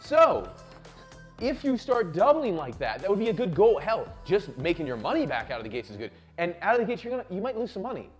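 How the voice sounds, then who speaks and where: Hyped high-voiced man pitching business. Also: wildly swooping pitch, fairly quick, faint music behind. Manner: loud, swearing, hyped, lots of "right?" and "okay?". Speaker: show host. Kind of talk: energetic motivational business talk.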